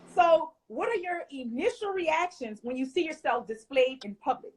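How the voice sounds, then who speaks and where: A woman hosts a talk show interview in a slightly high voice. She praises her guest with encouraging enthusiasm and follows up with questions about his career. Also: animated, moderate pace, low-quality recording.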